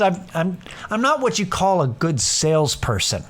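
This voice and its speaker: A man's voice: a little high, big pitch swings, normal speed. A young man hosting a casual solo podcast, rambling and self-deprecating, swearing freely and acting out what others said. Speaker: podcast host.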